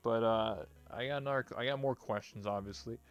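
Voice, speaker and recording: A man's voice: mid-range voice, a little fast, no echo, muffled recording. Brief: young male host, casual and loose, mid-range voice, faint music behind. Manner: loose, swears, laughs, acts out quotes. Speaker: talk show host. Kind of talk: casual interview chat.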